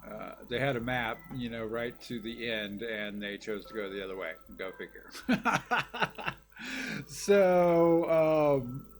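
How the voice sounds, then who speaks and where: A man's voice: on the low side, little pitch movement, normal speed, few pauses, fairly bright tone, faint music behind. A man hosting his own channel, chatting casually and rambling with lots of fillers. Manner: rambling, many fillers, laid-back. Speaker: YouTube channel host. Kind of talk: casual vlog chat.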